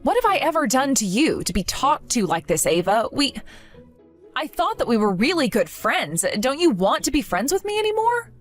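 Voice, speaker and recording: A woman voicing a trusting young woman who pleads with a friend and is bewildered by her cruelty, in an animated story. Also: high voice, normal speed, soft background music. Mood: pleading. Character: earnest trusting young woman, easily hurt.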